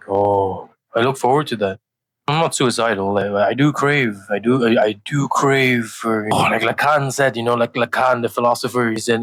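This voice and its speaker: Male home cook, mid-pitched, dry close sound; deadpan rambler, full of restarts. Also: dry recording. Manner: halting, many fillers and restarts, deadpan rambling. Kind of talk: rambling casual monologue while cooking. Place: home kitchen.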